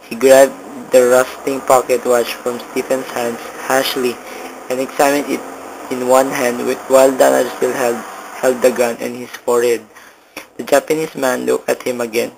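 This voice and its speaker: A young man reads a story aloud for a school project, his voice held flat and even with a gravelly fry underneath. He moves haltingly, stumbling now and then and restarting a word. A faint background noise sits under the reading. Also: mid-range voice, low-quality recording. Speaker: student reader.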